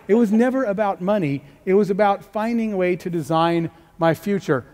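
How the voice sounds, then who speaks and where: A middle-aged man on stage telling stories with lively energy, punching up key lines and playing out the dialogue. His voice sits high for a man. The sound carries the long ring of a big hall. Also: fast talker, few pauses. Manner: energetic storytelling, acts out dialogue, rising emphasis. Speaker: keynote speaker. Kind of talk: motivational talk with stories.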